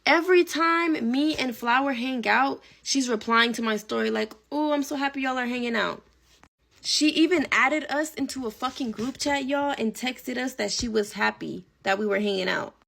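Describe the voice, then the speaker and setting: Chatty woman with a gravelly voice. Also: on the high side, moderate pace, few pauses, a bit bright. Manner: chatty, dramatic, swears, mixes in Spanish. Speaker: storyteller. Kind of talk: casual storytime vlog.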